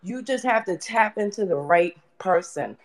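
Energetic woman hosting an audio chat. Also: medium pitch, moderate pace. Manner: energetic, preachy, with frequent fillers and laughs. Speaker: host. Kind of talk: motivational talk on a live audio chat.

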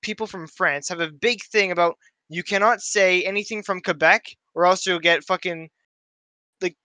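A young man from Canada, co-hosting a podcast and telling a story in an excitable, casual way. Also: sits high, moderate pace, dry recording. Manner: excitable storytelling with frequent swearing. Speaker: podcast co-host. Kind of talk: casual chat.

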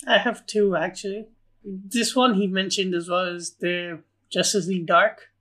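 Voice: mid-range voice, steady tone, unhurried, fairly bright tone. A co-host of a film podcast, chatting casually with short, dry replies. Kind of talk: casual chat.

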